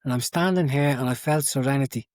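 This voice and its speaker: Man, earnest storyteller, medium pitch, dry close sound. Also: fast, darkish tone, no echo. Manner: earnest storytelling with many repeats. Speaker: guest sharing his conversion story. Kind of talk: casual testimony.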